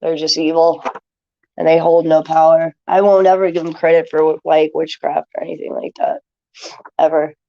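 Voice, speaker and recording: A woman's voice: sits low, little pitch movement, moderate pace, creaky, dull audio. A woman streaming to her viewers, talking loosely and rambling, with lots of filler words as she answers chat. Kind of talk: casual rambling talk to viewers.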